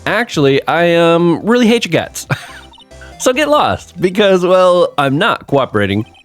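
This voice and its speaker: A man's voice: high voice, very animated, a little slow, soft background music, pitched above the performer's own voice. A man voicing a hostile young woman witness in a sneering, raised voice.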